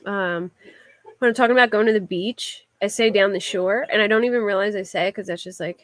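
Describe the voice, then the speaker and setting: A woman's voice: mid-range voice, fast, fairly bright tone, no echo. Woman, Philadelphia accent, rambly livestream chatter, dry close sound. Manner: rambling, with frequent "like" fillers. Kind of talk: casual chat answering a live chat.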